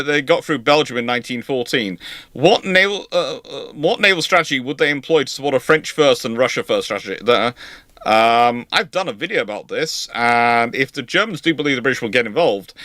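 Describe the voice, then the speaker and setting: A man's voice: medium pitch, a bit bright, no room sound. A man hosting a live question-and-answer stream, explaining at length in a rambling way with frequent restarts. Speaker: host. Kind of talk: live viewer Q&A.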